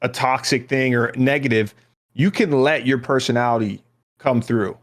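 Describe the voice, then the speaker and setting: A man's voice: medium pitch, normal speed. A man hosting a gaming podcast in a loose, rambling, casual way. He hesitates and restarts often while hunting for his point. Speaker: podcast host.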